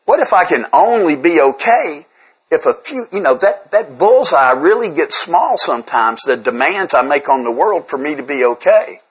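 Husky-voiced man giving a candid talk. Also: fairly high pitch, very animated, moderate pace, poor audio. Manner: conversational and self-deprecating, often repeats words while restarting. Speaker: speaker sharing at a twelve-step recovery workshop. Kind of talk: candid recovery talk to a group.

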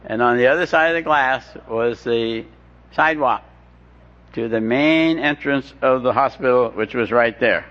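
A man's voice: medium pitch, normal speed, a bit bright. A man telling his recovery story with wry, self-deprecating humor, often stumbling and restarting his sentences. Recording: dull lo-fi recording with faint hiss.

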